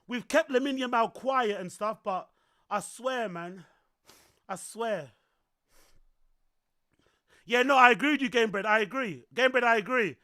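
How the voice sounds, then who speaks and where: Streamer type, young, very high pitched and sharp, loose chatty match commentary. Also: male voice, a little slow, long pauses. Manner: chatty, repeats himself, reacts to chat. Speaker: streamer host. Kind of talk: casual live-stream football commentary.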